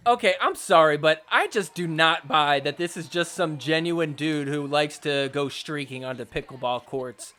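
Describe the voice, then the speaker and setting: Young male sports podcast host; high, bright tone; excitable, joking recap with mock outrage. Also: moderate pace, few pauses. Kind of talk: casual sports recap commentary.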